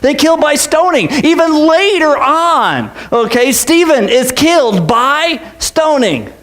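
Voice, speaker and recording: A man's voice: very high voice, very animated, slow, a bit bright. A man preaching a casual, joking sermon as pastor, with many asides and restarts. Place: church.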